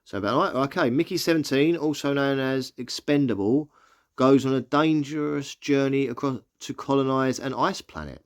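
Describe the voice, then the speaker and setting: A man's voice: medium pitch, moderate pace. A man casually reading out upcoming film listings and reacting to each one in a chatty way, sometimes stumbling as he reads. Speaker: movie vlogger.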